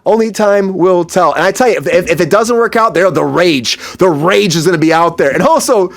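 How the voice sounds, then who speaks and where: A man's voice: high voice, fairly quick, gravelly. Chatty man hosting an entertainment news show. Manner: rambling, chatty, repeats himself. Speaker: host. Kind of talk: casual entertainment news commentary.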